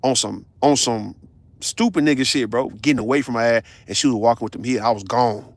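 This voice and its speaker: A man tells stories on a casual livestream, blunt, profane and animated. His voice carries a gravelly rasp in a mid register, and the sound is dry and close. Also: mid-range voice, fairly quick, dry recording. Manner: blunt, confrontational.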